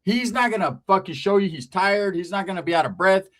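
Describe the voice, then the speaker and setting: Male comedian, storytelling, high-pitched voice, profane, slangy, animated. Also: fairly quick.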